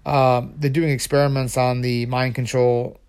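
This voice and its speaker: Excited, rambling young man. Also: medium pitch, unhurried, clear, resonant tone. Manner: excited, rambling, with many restarts. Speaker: video creator. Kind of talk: casual ranking vlog.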